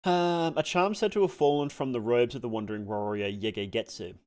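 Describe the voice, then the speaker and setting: A man's voice: medium pitch, brisk. A man streaming a game live, swearing at setbacks and rambling through chat questions with many fillers. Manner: swears freely and reacts loudly to in-game deaths. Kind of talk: live gameplay commentary, answering chat.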